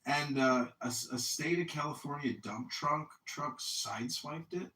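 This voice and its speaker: Animated swearing storyteller man. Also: a little high, unhurried. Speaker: candidate podcast host. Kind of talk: casual storytelling chat. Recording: echoey room, distant mic, faint noise.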